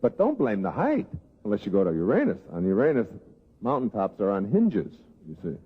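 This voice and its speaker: Male speaker, lively pitch, jokey storytelling lecture, phone-thin recording in a long-echo hall. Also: a little fast, husky. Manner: storytelling, acts out quoted voices. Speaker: self-help speaker. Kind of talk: humorous lecture to a live audience. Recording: tinny phone-like sound in a big hall.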